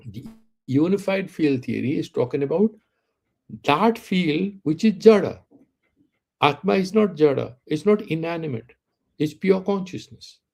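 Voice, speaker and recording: Gravelly, mellow male lecturer. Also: a little high. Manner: explains Sanskrit terms, rhetorical questions. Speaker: Vedanta teacher. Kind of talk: philosophy lecture.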